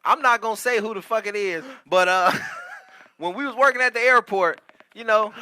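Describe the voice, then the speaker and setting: A man co-hosting a comedy podcast, telling stories in a casual, animated and profane way and laughing often. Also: sits high, moderate pace, clean tone, no echo. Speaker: podcast co-host. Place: podcast studio.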